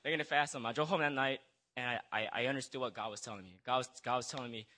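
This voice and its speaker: A man's voice: medium pitch, rapid-fire, bright, forceful tone. A young man giving a personal testimony into a handheld microphone at a church gathering, hesitant and nervous, stumbling over restarts and apologizing as he goes.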